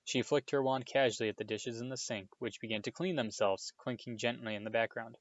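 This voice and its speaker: A man's voice: mid-range voice, fairly even intonation, a little fast, no echo, highs cut off. Man reading a storybook aloud. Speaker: audiobook reader. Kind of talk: storybook narration.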